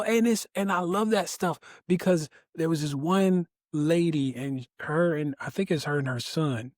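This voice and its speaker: Animated, laughing man on a podcast. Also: unhurried, hardly any pauses, dry recording, studio quality. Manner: animated storyteller who laughs often and jumps to high pitch. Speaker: podcast guest, resilience speaker. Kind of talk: casual interview chat.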